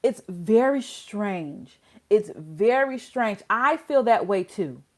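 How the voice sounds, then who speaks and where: A woman's voice: medium pitch, lively intonation, slow. A woman hosting a casual legal commentary channel, exasperated and full of rhetorical questions.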